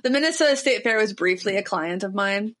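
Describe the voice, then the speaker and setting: A woman's voice: medium pitch, animated, brisk, a loud crowd. A woman from Ohio hosting a podcast, chatting and joking with a casual, swearing manner. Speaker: podcast host. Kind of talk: casual chat.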